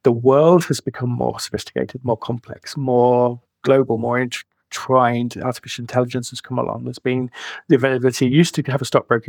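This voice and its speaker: A man's voice: mid-range voice, little pitch movement, fairly quick, creaky, no room sound. A man in his forties, a financial planner speaking as a podcast guest, talking emphatically and reaching for colorful analogies. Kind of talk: podcast interview.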